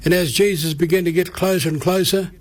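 A man's voice: sits high, fairly even intonation, a little fast. A man giving an earnest, plain-spoken gospel message on the radio, often repeating himself. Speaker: radio preacher.

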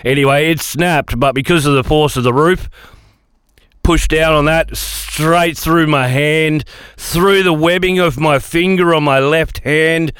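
A middle-aged Australian man chats on his radio show, telling stories about himself with plenty of false starts. His voice is smooth and resonant. He sounds close and dry in the studio. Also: a little high, a little slow, a bit bright, no echo. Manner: self-deprecating, chatty, full of restarts. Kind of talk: casual rambling monologue.

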